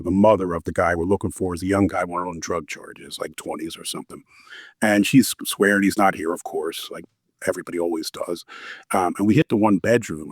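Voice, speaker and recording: A man, a former warrant investigator, telling stories in a relaxed, anecdotal way in an interview. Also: sits low, no echo, clean studio sound. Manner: relaxed, anecdotal, lots of fillers. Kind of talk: casual interview storytelling.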